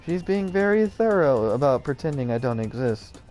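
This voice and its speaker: A man streaming a story video game, reading the narration aloud in a casual, animated way. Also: medium pitch, normal speed, faint music behind. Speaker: gaming streamer.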